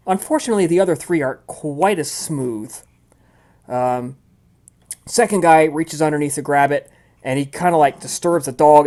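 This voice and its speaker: A man's voice: on the high side, a little mellow. A man narrating as game master of a tabletop role-playing game, loose and chatty with many fillers.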